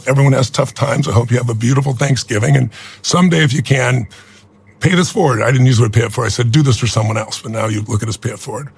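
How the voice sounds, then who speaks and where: A man's voice: mid-range voice, fast talker, gravelly, husky. A man in his sixties telling a personal story as an interview guest, earnest and reflective. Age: 60s.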